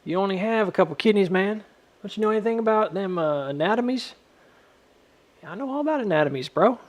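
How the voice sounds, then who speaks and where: A man voicing a cocky, dim young bro in a quick, brash back-and-forth. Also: sits high, animated, pitched above the performer's own voice. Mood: bickering.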